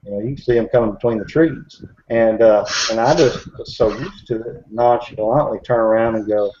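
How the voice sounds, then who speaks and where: Rambling man, mellow tone. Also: fairly low pitch, normal speed, few pauses. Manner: rambling, with many fillers and restarts. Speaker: bigfoot researcher. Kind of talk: casual storytelling. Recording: dull recording with faint hiss.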